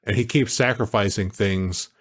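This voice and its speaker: A man co-hosting a podcast, talking in a casual, animated way that wanders through stories. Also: lowish voice, normal speed, husky. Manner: animated, storytelling, digressive. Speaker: podcast co-host. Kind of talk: casual chat.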